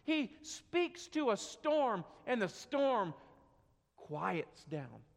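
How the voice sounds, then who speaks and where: A man preaching a sermon, telling a story with dramatic swings from quiet to loud, in a church sanctuary. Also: high voice, big pitch swings, drawn-out words, creaky. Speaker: pastor. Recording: long hall reverb.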